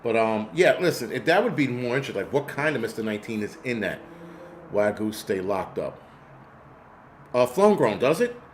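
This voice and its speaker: A man's voice: mid-range voice, very animated, normal speed, slight background noise. A man hosting a casual livestream, rambling through profane stories and answering chat comments. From United States. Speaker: host.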